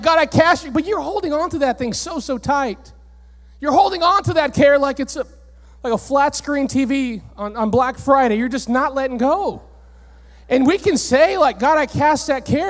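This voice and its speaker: A male pastor preaching a sermon in a church, animated and rising to near-shouts on key points. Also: very high voice. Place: church sanctuary, on stage. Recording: church hall reverb.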